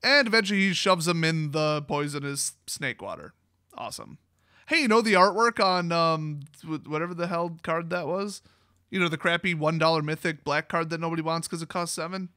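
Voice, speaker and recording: A man with a high voice recaps a fantasy tale in a sarcastic, mocking way, breaking into laughter often. The sound is close and dry, with no room around it. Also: animated, a little fast, bright, forceful tone, smooth, no echo. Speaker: card game channel host.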